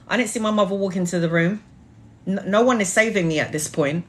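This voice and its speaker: A woman's voice: lowish voice, a little fast, a bit bright. Woman tarot reader, live-stream chat, earnest and spiritual, rambling and blunt. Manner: loose, rambling delivery full of restarts. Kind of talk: casual live-stream storytelling.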